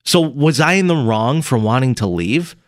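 A man hosting a morning radio show, telling a story in a casual, animated way and laughing as he goes. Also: medium pitch, moderate pace, no echo, clean studio sound.

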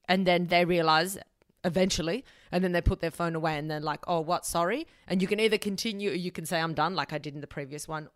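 A woman hosting a podcast, giving blunt, animated advice and swearing freely. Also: mid-range voice, no echo, clean studio sound. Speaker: podcast host. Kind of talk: casual advice monologue.

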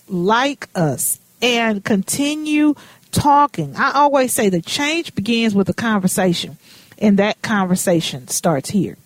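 A woman's voice: on the high side, no room sound. A woman hosting a radio talk show, chatting casually with folksy turns of phrase.

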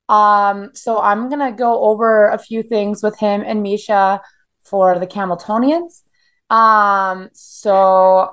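A woman's voice: medium pitch, a bit bright. A woman in her thirties from Canada, telling blunt, profane stories in a casual interview with lots of "like" fillers. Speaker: guest.

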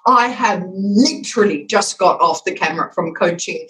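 A woman's voice: medium pitch, animated, normal speed, fairly bright tone, slight background noise, low-quality recording. Emphatic woman demonstrating voice habits. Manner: emphatic, demonstrative, acts out voice examples. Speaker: communications expert guest. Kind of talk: podcast interview.

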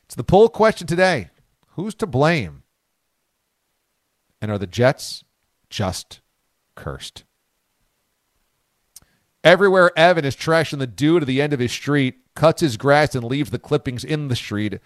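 A man hosting a sports talk radio show, animated and incredulous, cracking jokes and reading out listener posts. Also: on the high side, normal speed, no room sound, studio quality.

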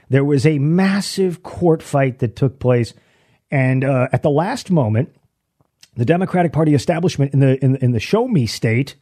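Guy ranting on his politics show, mellow dark voice, lots of restarts. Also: mid-range voice. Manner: ranting, restarts often, sarcastic. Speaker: host.

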